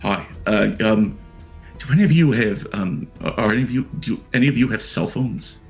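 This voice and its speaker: A man's voice: fairly low pitch, normal speed, vocal fry, soft background music. A man voicing a big, muscular orderly who talks in a hesitant, placating stammer. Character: big muscular male orderly, nervous, soothing.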